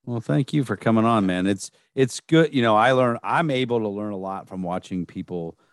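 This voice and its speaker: A man hosting a casual podcast, introducing a guest in a relaxed way with many fillers. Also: fairly low pitch, moderate pace, no room sound, clean studio sound. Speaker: podcast host.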